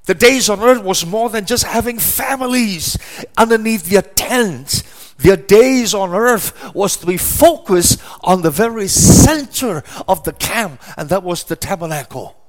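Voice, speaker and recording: High-pitched man preaching slowly. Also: lively intonation. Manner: emphatic, repetitive preaching cadence with rhetorical questions. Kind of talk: sermon.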